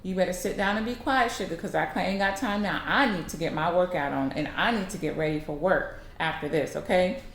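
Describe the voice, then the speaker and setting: A woman's voice: on the low side, fairly quick, few pauses, roomy sound, slight background noise, natural voice. A woman voicing a busy mother who curtly brushes off her son. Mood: dismissive. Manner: curt, dismissive.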